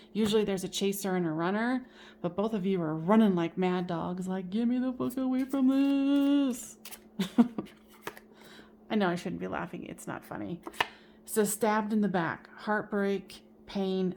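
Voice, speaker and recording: A woman giving a general tarot reading in a casual, expressive way, swearing now and then and laughing at herself. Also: lowish voice, moderate pace, a little hiss or hum. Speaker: tarot reader.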